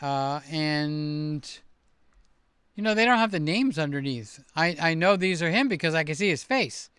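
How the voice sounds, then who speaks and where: An older man hosting a casual livestream, chatty and excitable as he reads out comments and gives shout-outs. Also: fairly high pitch, unhurried, clean tone, no room sound, clean studio sound. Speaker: livestream host.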